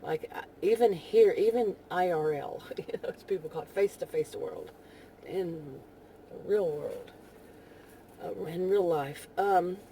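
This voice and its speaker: A woman with a Texan accent rambling casually in a vlog while driving, full of "you know" fillers and soft laughs. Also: lowish voice, unhurried, a little hiss or hum. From Texas. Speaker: vlogger.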